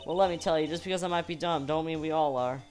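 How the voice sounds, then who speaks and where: A loud, blunt Southern woman with a drawling twang, as a fan voice actor puts her on. She talks big and brassy, mid-pitched, with soft music under the game dub. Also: fast talker, lightly acted. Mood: indignant. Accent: American Southern, put on.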